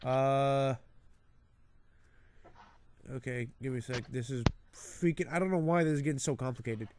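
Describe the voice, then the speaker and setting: A man's voice: medium pitch, fairly even intonation, moderate pace, noisy background. A man running a tabletop game over a voice call, talking hesitantly. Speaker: game master.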